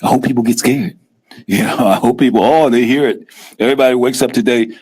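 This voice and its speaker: A middle-aged man hosting a casual live-stream talk show, animated and often acting out scared investors in a raised voice. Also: mid-range voice, a little fast, breathy edge. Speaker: host.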